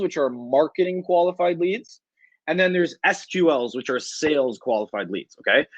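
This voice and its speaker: A Canadian man presenting an online business workshop, energetic and often checking in with "okay?". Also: on the high side, no room sound. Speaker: workshop speaker. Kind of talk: webinar presentation. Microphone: online video call. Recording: dull dry webinar audio.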